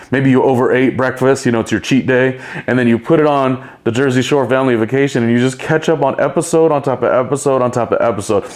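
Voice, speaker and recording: A man hosting a solo podcast, talking in a chatty, rambling way and laughing often. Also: medium pitch. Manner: chatty and rambling, with playful impressions and frequent laughs. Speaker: podcast host. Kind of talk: casual solo commentary.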